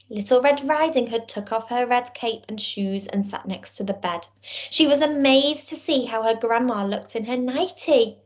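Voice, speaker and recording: A woman teacher, giving a recorded lesson and reading a storybook aloud to young children in a clear, encouraging way. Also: on the high side, normal speed. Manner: encouraging, clear and expressive, speaking to small children. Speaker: primary school teacher.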